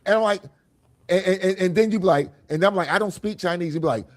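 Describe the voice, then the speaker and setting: A man's voice: high-pitched, fast talker. A man hosting a casual group talk show, telling vivid stories in analogies and acting out what others say. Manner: animated storyteller, acts out quoted voices, laughs often; speaks in analogies, repeats phrases. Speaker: podcast host.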